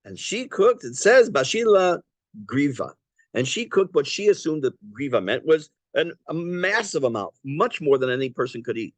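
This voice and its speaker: A man's voice: on the high side, sing-song, dry recording. A man teaching a Torah class, translating Aramaic phrase by phrase and explaining it in a conversational way with small restarts. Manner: halting restarts and fillers while explaining.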